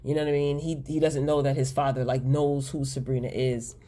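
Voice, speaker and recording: A woman's voice: a bass voice, flat delivery, brisk, warm tone. A woman hosting a casual TV episode recap, chatty and exasperated as she talks straight to her viewers. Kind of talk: casual spoken episode review.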